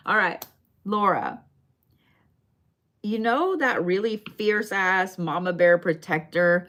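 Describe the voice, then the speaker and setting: A woman's voice: lowish voice, lively intonation, slow, long pauses, fairly bright tone. A woman giving bone readings on a live stream in a casual, chatty way, swearing now and then and talking straight to her viewers. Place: her shop.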